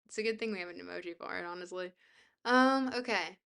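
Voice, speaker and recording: Bubbly young woman streamer, bright voice. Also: lowish voice, quick pace, vocal fry, clear, resonant tone. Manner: bubbly, goofy, self-deprecating. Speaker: livestreamer. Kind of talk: casual chat, reading viewer messages.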